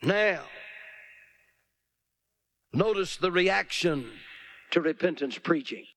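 Preacher guy, high lively voice swinging all over, dry close sound. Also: normal speed, dry recording. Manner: animated, dramatic preaching with mocking put-on voices. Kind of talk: sermon.

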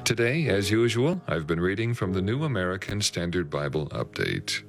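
A deep, gravelly man reads scripture with slow, solemn care. His pitch swings broadly through each verse. Soft music sits faintly behind him. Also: big pitch swings. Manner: slow, solemn, measured reading. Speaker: scripture reader. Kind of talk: reading scripture aloud without comment.

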